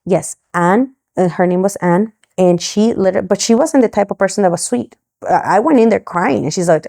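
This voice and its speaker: A woman's voice: mid-range voice, brisk, gravelly. A middle-aged woman from Mexico, a podcast guest telling a story and acting out the lines of others. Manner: animated, acts out quoted dialogue. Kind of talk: storytelling interview.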